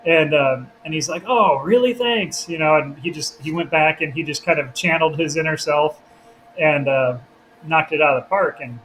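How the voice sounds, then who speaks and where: A man's voice: fairly high pitch, fairly even intonation, normal speed, a bit bright, a little hiss or hum, low-quality recording. A man hosting a podcast, a filmmaker chatting casually who acts out quotes and laughs often.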